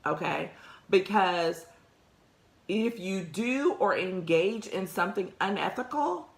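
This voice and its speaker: Taking her time, a woman with a medium-pitched, expressive, gravelly voice hosts a career podcast from an echoey room. Her casual advice on the workplace comes across conversational and emphatic, broken up by frequent laughs.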